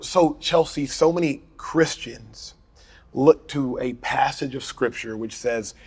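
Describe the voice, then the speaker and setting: Male host, mid-range voice, measured deliberate questioner. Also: medium pitch, slightly rough. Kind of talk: hosting a panel discussion.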